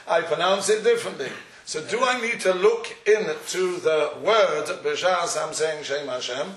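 A man's voice: on the high side, measured pace, a bit bright. Echoey man giving a Talmudic lecture. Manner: questioning, argumentative study-hall cadence. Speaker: Torah teacher. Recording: echoey room, far from the mic.

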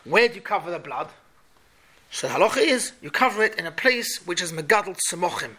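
Torah teacher, man, high and bright, animated questioning lesson. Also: a little fast. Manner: questioning, animated, repeats points. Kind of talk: Talmud class for boys.

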